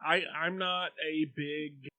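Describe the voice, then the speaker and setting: A man's voice: on the high side, fairly even intonation, takes it slowly, pushed and bright, no echo. A man from Oklahoma with an Oklahoma accent, co-hosting a podcast in blunt, dry, matter-of-fact casual chat. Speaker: podcast co-host.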